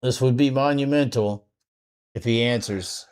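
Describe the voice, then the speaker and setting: A man's voice: medium pitch, normal speed. A man hosting a live stream, teasing his guest and callers in a joking, casual way. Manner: teasing, joking, laughs often. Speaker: host.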